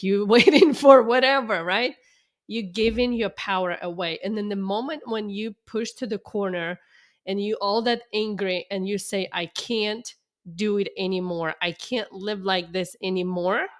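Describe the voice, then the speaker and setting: Woman, lively, reflective, podcast co-host, mid-pitched. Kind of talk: casual chat.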